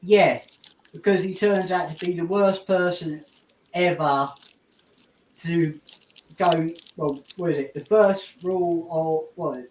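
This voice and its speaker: A man's voice: on the high side, fairly even intonation, takes it slowly, darkish tone, a little hiss or hum. A man hosting a casual podcast chat, laid-back and rambling with chuckles. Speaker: podcast host. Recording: roomy echo.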